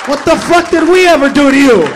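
A male stand-up comedian delivering a profane, ranting routine, often shouting. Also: very high-pitched, fast, crowd noise, noisy background.

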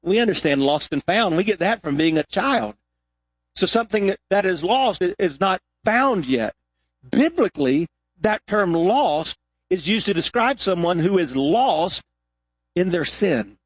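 A man preaching a sermon as pastor, dropping low and quiet and then rising to high, loud peaks. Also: animated, measured pace, husky, no echo.

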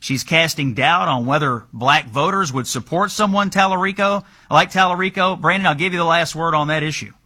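A man's voice: on the high side, a little fast, few pauses, sharp tone. A man hosting a political talk show, asking incredulous, mocking questions with emphasis. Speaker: host.

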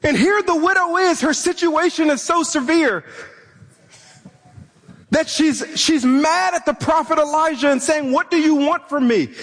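A man's voice: very high-pitched, a bit bright. A man preaching a sermon as a pastor, impassioned and often repeating words as he presses a point.

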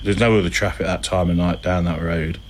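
Deep-voiced man telling stories. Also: brisk, a little hiss or hum. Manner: rambling, animated anecdotes with acted-out quotes. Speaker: interviewee. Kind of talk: casual storytelling.

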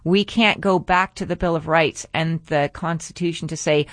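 A woman's voice: low voice, fairly even intonation, moderate pace, hardly any pauses, dry recording, studio quality. A woman hosting a faith-based radio talk show, earnest and a little preachy as she draws lessons from scripture.

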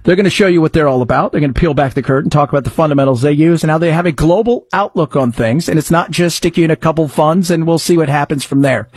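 Male talk-radio host, husky, slightly high voice, conversational rambling. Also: dry recording, studio quality. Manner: rambling, conversational, quick ad patter. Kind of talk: radio talk commentary and live ad reads.

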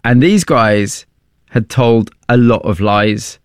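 Measured male interviewer. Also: lowish voice, clear, resonant tone, dry recording, clean studio sound. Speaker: interviewer and narrator. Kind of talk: documentary-style narration and questions.

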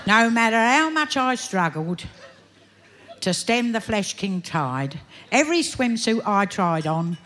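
A woman's voice: medium pitch, sing-song, takes it slowly, fairly bright tone. Australian woman reciting comic verse. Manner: broad, self-mocking storytelling with sing-song rhythm. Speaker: bush poet.

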